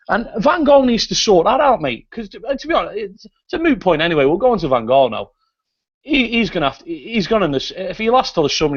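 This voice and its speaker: Mancunian male fan, high and animated, blunt and sweary; muffled lo-fi audio. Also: gravelly, breathy edge. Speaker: fan show regular. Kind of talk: heated fan rant.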